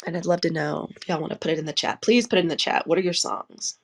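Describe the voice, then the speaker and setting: A woman's voice: on the low side, quick pace. A woman hosting a live tarot journaling session, chatty and laughing often as she talks to her listeners. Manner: warm, chatty and laughing often, says y'all. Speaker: tarot reader and host.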